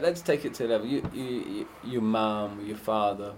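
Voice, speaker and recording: A man giving an informal Torah class on prayer, often asking his listeners questions and swinging between loud and hushed speech. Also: fairly low pitch, normal speed, slight background noise. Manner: animated, swings from loud chanting to hushed near-whispers. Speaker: Torah teacher.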